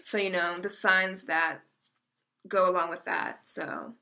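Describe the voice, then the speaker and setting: Young woman tarot reader, bright, crisp tone, casual and chatty, emotional, stops herself mid-sentence. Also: lowish voice, slow pace. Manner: chatty, self-interrupting, emotional. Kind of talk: casual tarot reading video.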